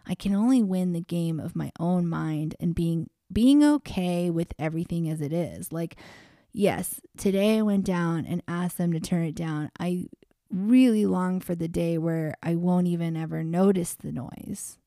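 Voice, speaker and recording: A woman calmly talking through a personal reflection, unhurried, with frequent pauses and filler words. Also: lowish voice, dry recording, clean studio sound. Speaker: vlogger.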